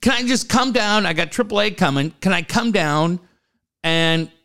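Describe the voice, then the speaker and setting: Middle-aged man, a fired-up profane storyteller, fairly high and very animated. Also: moderate pace, clean tone. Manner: ranting, swears constantly, acts out other people's lines. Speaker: co-host telling a story.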